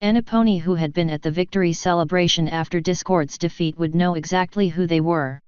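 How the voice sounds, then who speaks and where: A woman narrating a fan fiction story in a wry, even way. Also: lowish voice, a little fast, clean tone, no echo, dull audio. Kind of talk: audiobook narration.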